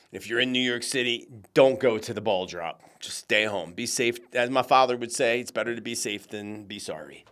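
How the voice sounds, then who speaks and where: Male host, chatty monologue voice, animated, talks straight to his viewers like friends. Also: fairly low pitch. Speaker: psychic show host.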